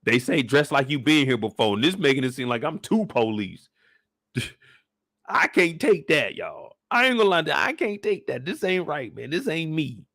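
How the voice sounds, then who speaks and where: A man hosting a casual, joking recap of a TV episode, animated and profane. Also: fairly high pitch, moderate pace, vocal fry, dry recording, studio quality. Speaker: YouTube show recap host. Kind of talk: casual comedic commentary.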